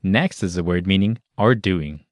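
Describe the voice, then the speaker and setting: A man giving scripted, even-toned instructional narration for a language lesson. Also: deep voice, normal speed, dry recording, clean studio sound. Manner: even, explanatory, announcer-like.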